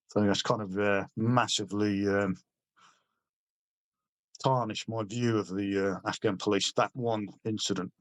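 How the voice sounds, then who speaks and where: Man, middle-aged, from Britain, low voice, dry sound, blunt, sweary, halting. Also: steady tone, no echo. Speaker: army veteran guest. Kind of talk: casual interview storytelling.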